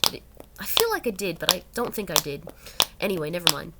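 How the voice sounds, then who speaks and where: A young woman reads an article aloud and keeps breaking into digressive, self-correcting commentary. Her voice sits fairly low for a woman. Loud noise runs under the recording. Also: lively intonation, fast talker. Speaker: channel host.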